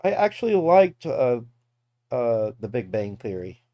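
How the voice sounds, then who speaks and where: A man's voice: medium pitch, sing-song, unhurried, mellow, no room sound. A man from Texas with a Texan accent, rambling casually and laughing as he reacts to videos. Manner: rambling, laughs often, swears freely. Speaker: streamer reacting to clips.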